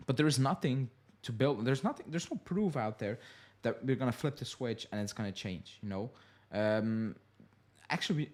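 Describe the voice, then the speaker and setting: A man's voice: mid-range voice, a little mellow. Frustrated man ranting in casual commentary. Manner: frustrated, emphatic, repeats points with "you know". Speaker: fan show host.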